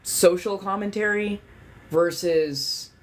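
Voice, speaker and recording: A woman's voice: mid-range voice, fairly even intonation, slow. A woman hosting a livestream in casual chat. She rambles candidly, swears freely and leans on lots of fillers. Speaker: livestream host.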